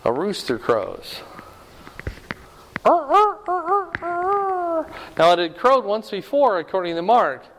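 This older man's voice is high-pitched and sing-song, moving at normal speed with few pauses. He preaches a storytelling sermon in a folksy, conversational way, questioning his listeners, with slight background noise and long hall reverb.

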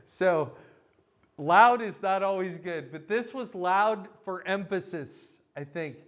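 An older man teaching a Bible passage verse by verse, with a loud, emphatic, explanatory delivery. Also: on the high side, lively intonation, slow pace, dull audio.

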